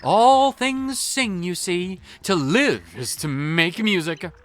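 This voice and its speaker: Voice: mid-range voice, animated, slow pace, a bit bright. Piccolo, a player doing a lofty musical sprite. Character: grandiose musical pixel creature, poetic and lofty. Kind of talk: reading game dialogue in voices.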